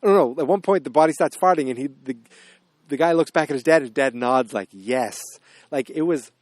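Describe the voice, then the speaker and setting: A man's voice: on the high side, a little fast, darkish tone, no echo. A man hosting a podcast, recapping a film's plot in a rambling, puzzled way, with many restarts and fillers. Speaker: podcast host. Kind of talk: casual movie recap.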